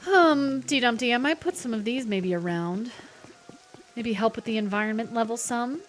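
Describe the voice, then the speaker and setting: A playful young woman streaming a game and chatting with her viewers. Her voice sits fairly high and swings through a very animated, lively range. Faint game music hums in the background. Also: moderate pace. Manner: chatty, playful, reads chat aloud. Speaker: livestreamer. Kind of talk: casual gameplay chat.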